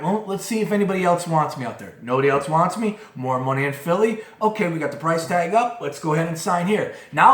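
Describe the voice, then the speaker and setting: A man hosting a casual podcast, giving his opinions in a fired-up monologue with lots of restarts and asides. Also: fairly high pitch. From moved to Philadelphia as an adult. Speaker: podcast host. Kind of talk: casual sports talk monologue. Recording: roomy echo.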